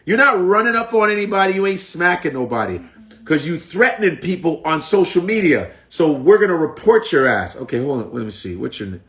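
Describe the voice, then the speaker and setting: A man's voice: a little high, very animated, brisk, a bit bright. A New York man, a comedian, doing a teasing comic rant on a phone livestream and repeating his punchlines in shifting voices. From the Bronx, New York. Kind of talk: mocking comic rant on a live stream.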